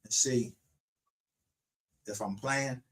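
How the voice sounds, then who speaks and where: A man's voice: mid-range voice, fairly even intonation, very slow, a bit bright, slightly rough. A man hosting his own livestream show, ranting in a heated, profane and confrontational way. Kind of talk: unscripted livestream rant.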